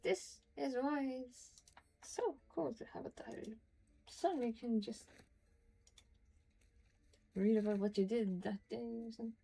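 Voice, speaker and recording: A woman's voice: fairly high pitch, unhurried, vocal fry, long pauses, dark tone, slightly rough, rough recording. A woman with a Northern Norwegian accent, rambling chattily and swearing as she streams a game. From Norway. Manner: rambling, chatty and profane, mutters asides. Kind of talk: casual gaming commentary.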